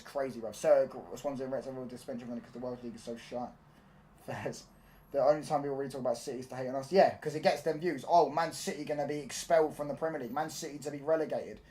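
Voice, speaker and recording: A young man chatting casually on a football live stream, animated and full of slang. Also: mid-range voice. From London. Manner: animated, slangy, repeats "do you get what I'm saying".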